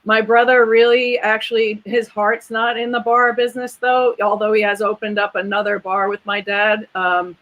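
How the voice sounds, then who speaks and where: A woman's voice: mid-range voice, flat delivery, normal speed, few pauses, muffled recording. A woman guest in a casual interview, a veterinarian who talks in an earnest, chatty way and speaks proudly of her family. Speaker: guest, veterinarian and clinic owner.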